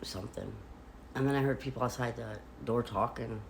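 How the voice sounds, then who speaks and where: A woman vlogger chatting casually from a hotel room, retelling events in an animated way with lots of "like.". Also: rumbling low, brisk, a little hiss or hum. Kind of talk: casual storytelling.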